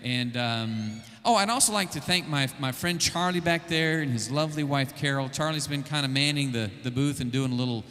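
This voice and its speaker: A man with a bright, pushing voice addresses a café crowd from the stage, stumbling over fillers as he goes. His words carry a long reverb from the room's PA. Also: medium pitch, fairly quick, few pauses. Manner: hesitant, many fillers. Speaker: worship musician thanking the audience. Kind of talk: casual stage announcement. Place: live café venue with a PA.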